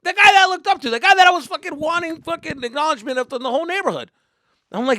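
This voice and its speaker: A man hosts his podcast with casual storytelling, swearing freely and animated throughout. His voice sits high and bright, jumping across a wide range. The recording is dry and close. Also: rapid-fire, no echo. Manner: animated, profane, lots of fillers. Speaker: podcast host.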